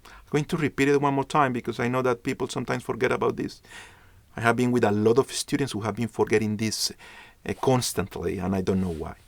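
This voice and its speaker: A man's voice: mid-range voice, fast talker, gravelly, no room sound. A man giving an online branding lesson. He speaks emphatically, repeats his key points, and acts out little dialogues. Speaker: branding lecturer. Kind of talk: online business class.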